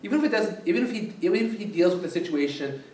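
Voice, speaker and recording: A fast-talking man with a high, darkish, expressive voice preaches to his church, chatting and firing questions at the congregation. A little hiss or hum runs under the sound of the echoey sanctuary, recorded from a mic well away from him.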